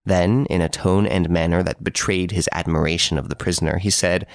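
A man narrating a classic story as an audiobook reader, measured and storytelling. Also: deep voice, steady tone, no echo, clean studio sound. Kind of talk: scripted narration.

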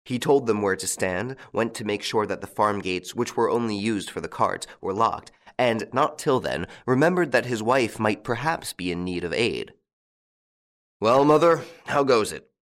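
A man narrating a classic story with a steady, measured reading. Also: on the low side. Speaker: audiobook narrator. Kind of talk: scripted narration.

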